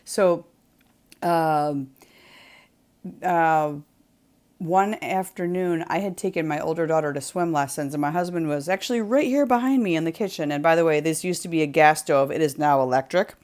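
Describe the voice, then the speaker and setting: A woman's voice: low-pitched, moderate pace, darkish tone. A woman from New England hosting a craft livestream from her home, telling a story in a rambling, chatty way full of ums and likes. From New England, USA. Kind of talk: casual chat storytelling. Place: home, near the kitchen.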